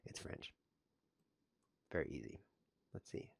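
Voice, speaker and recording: A man's voice: measured pace, dry recording, clean studio sound. A man commentating live while he plays chess online, joking dryly at his own expense and yelping when he blunders. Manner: self-mocking deadpan jokes with sudden yelps over blunders.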